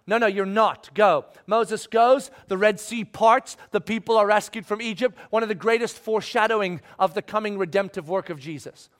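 A man preaching a sermon, acting out Bible voices and swinging from loud pleas to hushed, near-whispered lines. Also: sits high, normal speed, few pauses. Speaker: pastor.

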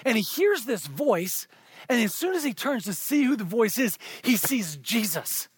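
A man preaching a sermon, moving between hushed, intimate asides and shouted, stretched-out emphasis. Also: extremely high pitch, very animated, normal speed, slightly rough, no room sound, clean studio sound. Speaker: pastor.

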